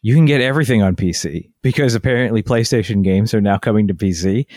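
A man's voice: fairly low pitch, fast talker, a little mellow, no echo, clean studio sound. A man co-hosting a casual chat, explaining at length in a rambling, chatty way. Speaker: podcast co-host.

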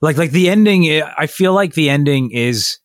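A man's voice: on the high side, expressive, normal speed, dry recording, studio quality. A man in his thirties co-hosting a podcast, telling a story in a rambling way, full of fillers and laughs. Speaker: podcast co-host. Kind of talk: casual chat.

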